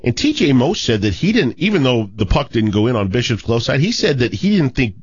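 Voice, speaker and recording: A man's voice: mid-range voice, sing-song, fairly quick, breathy edge, no room sound, highs cut off. A man hosting a sports radio show, talking about hockey in a chatty, rambling way. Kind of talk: casual sports radio chat.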